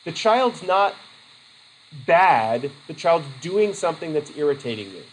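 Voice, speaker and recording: A man's voice: fairly high pitch, sing-song, unhurried, slight background noise, low-quality recording. A male teacher giving a casual classroom lecture, acting out quoted voices and laughing easily.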